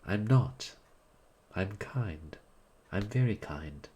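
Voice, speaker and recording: Man reading as a candid, teasing young woman, voice raised somewhat, mellow and slow. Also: on the low side, animated, a little hiss or hum, voice pushed up. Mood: chiding. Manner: candid, mocking, then earnest.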